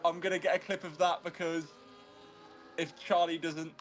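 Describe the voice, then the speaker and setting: Here a man with a voice on the high side speaks at a moderate pace while co-commentating an online sim race. He chats about the driving and keeps an eye on what viewers are saying. He's a steady, talkative co-commentator who reads the chat aloud.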